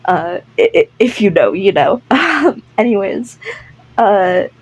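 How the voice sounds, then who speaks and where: A young woman narrating a casual fan audio story in a rambling, halting way with many fillers. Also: mid-range voice, lively intonation, a little mellow, breathy edge, dry recording, poor audio.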